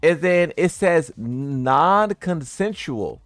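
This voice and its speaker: A male gaming streamer with a fairly high voice that swings widely up and down as he reacts. His delivery is teasing and incredulous. The recording is close and dry, with faint music playing underneath. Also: lively intonation, a little slow, no room sound. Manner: incredulous, teasing, laughs at what he reads. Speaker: gaming content creator. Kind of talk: casual commentary to viewers.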